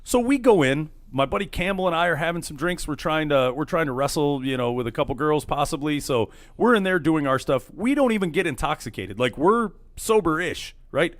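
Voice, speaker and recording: Animated man telling a wild story. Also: a little high, a little fast, hardly any pauses, no echo. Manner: animated storyteller, acts out quotes. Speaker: radio show host. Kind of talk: casual storytelling chat. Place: studio.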